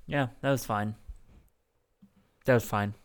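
Podcast co-host, man, smooth resonant voice, dry sarcastic rambler, hiccuping. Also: on the low side, fairly even intonation, slow pace. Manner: sarcastic, rambling with many fillers. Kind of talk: casual comedic podcast chat.

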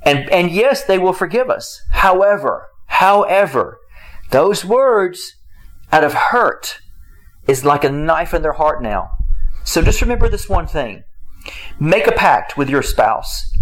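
Male marriage teacher, faith-based talk, a bit high-voiced, emphatic and repetitive. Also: expressive, a little slow, fairly bright tone, poor audio. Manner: emphatic, repeats phrases, swings pitch up and down.

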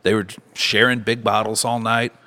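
Man, Midwestern American accent, low pitch, bar owner, casual storytelling, animated, swears freely. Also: moderate pace. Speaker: bar owner and podcast co-host.

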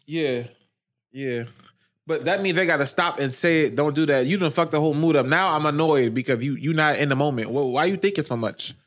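A man's voice: on the high side, a little fast. A man co-hosting a podcast, talking bluntly and casually, often laughing. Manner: animated, laughing, blunt opinions. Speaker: podcast co-host. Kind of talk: casual crude chat.

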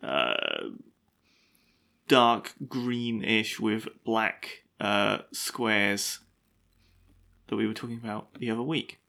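A man's voice: on the low side, big pitch swings, takes it slowly, gravelly, pauses often, sharp tone. A man co-hosting a casual science podcast, describing an animal in an easygoing way with fillers. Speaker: podcast co-host.

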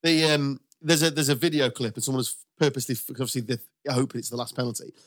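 A man's voice: medium pitch, fast talker, fairly bright tone, no room sound, studio quality. A man hosting a casual football podcast chat, bantering and laughing often. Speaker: podcast host.

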